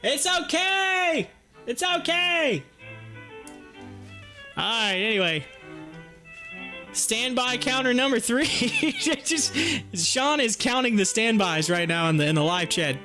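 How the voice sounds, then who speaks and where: Young male streamer, very high and lively voice, joking casual host, laughs a lot. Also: a little slow, faint music behind. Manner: excitable, joking, laughs often. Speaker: livestream host. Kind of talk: casual live stream chat.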